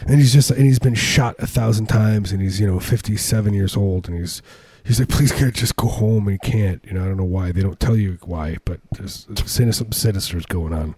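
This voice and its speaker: A man's voice: low-pitched, fairly quick, hardly any pauses, warm tone, slightly rough, no echo. A man co-hosting a podcast, riffing through rambling, jokey casual chat full of restarts. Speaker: podcast co-host.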